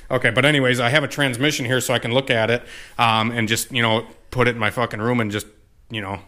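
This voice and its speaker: A man's voice: mid-range voice, flat delivery, quick pace, bright, forceful tone. A young man explaining car work in a casual, rambling way, with lots of fillers and cursing. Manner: rambling, profane, many fillers. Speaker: car tuning vlogger. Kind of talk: casual garage walkthrough.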